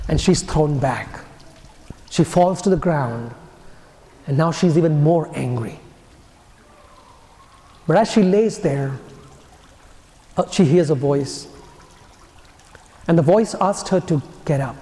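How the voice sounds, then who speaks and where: A man, a priest, giving a homily as an earnest storyteller whose phrases soften and fall away at their ends. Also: a little high. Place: church. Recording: echoey church with long reverb.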